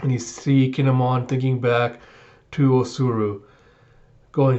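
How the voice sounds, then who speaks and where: A man talks through a comic chapter in a chatty, sarcastic way. His voice sits at an average pitch. The recording is dull and lo-fi. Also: little pitch movement, measured pace, long pauses, darkish tone. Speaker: manga reviewer. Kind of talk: casual reaction recap.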